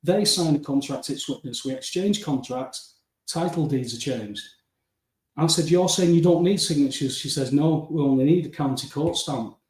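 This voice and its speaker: A man telling his story as an interview guest, acting out the back-and-forth with lively emphasis. His voice sits fairly high for a man. He sounds a little away from the mic, in a noticeably echoey room. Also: normal speed. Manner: animated storytelling, acting out dialogue, often addressing the host by name. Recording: roomy, distant mic.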